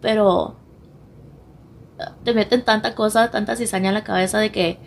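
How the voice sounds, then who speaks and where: A young woman whose voice is wearing hoarse, talking as a guest on a podcast in a hesitant, halting way, full of pauses and restarts. She slips between languages mid-sentence. Faint ambient noise sits under the recording. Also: mid-range voice, fairly even intonation. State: losing her voice, hoarse. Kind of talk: candid personal interview.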